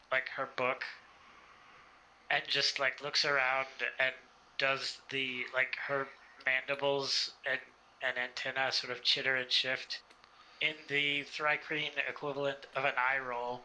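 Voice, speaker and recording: A man's voice: mid-range voice, little pitch movement, a little slow, sharp tone, slight background noise, low-quality recording. A man playing a tabletop game, narrating his character hesitantly with many fillers. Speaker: player.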